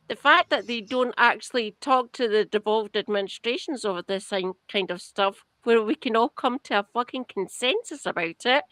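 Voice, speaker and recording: A woman's voice: a little high, normal speed, few pauses, no room sound. A British woman from outside England co-hosting a podcast, ranting sarcastically with heavy swearing. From United Kingdom, outside England. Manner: sarcastic, swears heavily, animated rant. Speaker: podcast co-host. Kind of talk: casual political chat, ranting.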